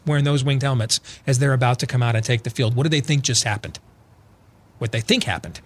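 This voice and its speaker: A man with a mid-range voice co-hosts a political talk radio show. He tells a story with acted-out quotes, building up to loud, emphatic points.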